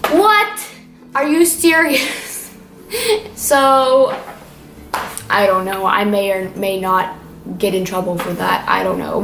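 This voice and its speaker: A woman's voice: medium pitch, fairly bright tone. A teenage girl giving a casual weekly vlog update, chatty and rambling with lots of fillers. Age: teens. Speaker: vlogger. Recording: echoey room with faint noise.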